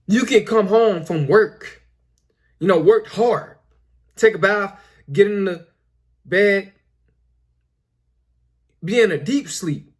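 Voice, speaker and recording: Young male host, high voice, preachy and repetitive, filler-heavy casual monologue. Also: slow pace, long pauses, slightly rough. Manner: repetitive, preachy, lots of "you know" fillers. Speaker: commentary video host.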